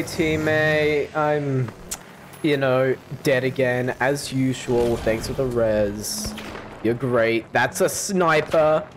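A man commentating his own gameplay, excitable, swearing, yelping and laughing. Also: mid-range voice, a little hiss or hum. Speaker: gaming channel host.

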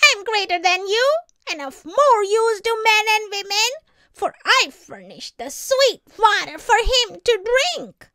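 A woman reading a storybook and voicing a proud, angry male maple tree that shouts its boasts. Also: very high-pitched, lively intonation, a little slow, no echo, voice pushed up, exaggerated voice. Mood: angry boastful.

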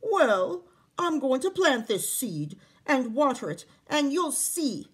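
Woman voicing a lazy peasant man, whiny and boastful, raised voice, husky, storybook. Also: high-pitched, big pitch swings, slow, voice pushed up, full character voice. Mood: defiant. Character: lazy, self-pitying Irish peasant man.

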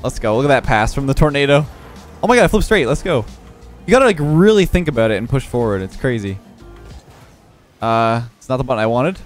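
A young man giving live commentary over his own gameplay, excitable and quick to laugh, with frequent exclamations. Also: medium pitch, soft background music. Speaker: gaming YouTuber.

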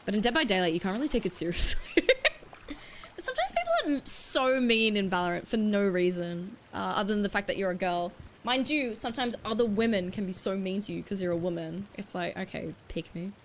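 A woman's voice: mid-range voice, expressive, fairly quick, a little hiss or hum. Chatty, foul-mouthed woman streamer. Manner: chatty, swears freely, reads and answers viewer chat. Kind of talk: casual chat while livestreaming a video game.

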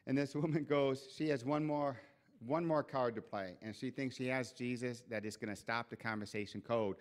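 A man preaching a church sermon, telling a scripture story with lively acted-out voices and asides. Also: medium pitch, moderate pace. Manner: animated storytelling, acts out quoted voices. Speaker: pastor. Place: church sanctuary.

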